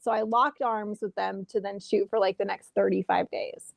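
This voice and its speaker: A woman in her thirties, an actress telling a lively story in a casual interview from home over a video call, acting out the exchanges she quotes. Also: mid-range voice, moderate pace, vocal fry, dry recording. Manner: animated, acts out quoted exchanges. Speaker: actress guest.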